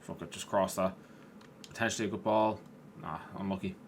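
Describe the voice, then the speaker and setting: Male gaming YouTuber, casual play-by-play, tired and sweary, lower register, light background noise. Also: fairly quick. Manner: chatty, swears at players, rises in excitement. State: tired, yawning. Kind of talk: casual gameplay commentary.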